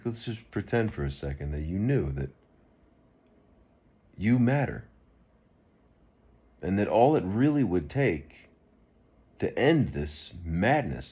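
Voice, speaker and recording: Deep husky man, rambling and earnest. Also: sing-song, slow pace, pauses often, mellow. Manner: rambling and earnest, with frequent restarts. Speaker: video blogger. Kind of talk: unscripted political monologue.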